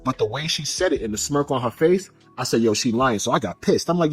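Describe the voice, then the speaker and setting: A man telling a personal story in a casual, animated way, acting out the dialogue as he goes. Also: mid-range voice, husky, faint music behind. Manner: fast, animated retelling with quoted dialogue.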